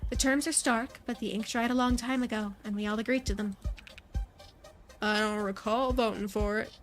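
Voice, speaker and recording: A woman's voice: a little high, steady tone, normal speed, faint music behind. A woman streamer reading a visual novel's dialogue aloud, voicing every character in a near-plain voice and adding brief asides.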